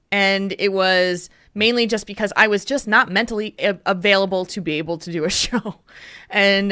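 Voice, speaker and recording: Bright-voiced woman hosting a podcast. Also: medium pitch, clean tone, no echo, clean studio sound. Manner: open and candid, laughing often. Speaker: podcast host. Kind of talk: casual podcast chat.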